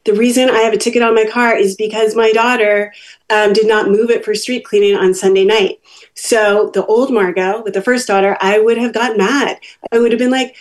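A woman's voice: on the high side, normal speed. A middle-aged woman, a parent coach, telling a story in a casual interview and acting out what people said. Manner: animated storyteller, acts out quotes.

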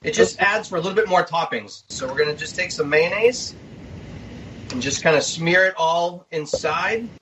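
A man, a guest chef, giving a relaxed step-by-step cooking demonstration. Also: a little high, normal speed, dull audio, slight background noise. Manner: easygoing, step-by-step explaining.

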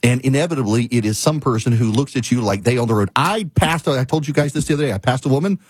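Hosting a talk show, a man launches into a casual, exasperated rant of a story, hammering his points by repeating them. His mid-range voice is fast and animated with a breathy edge, and the sound is dry.

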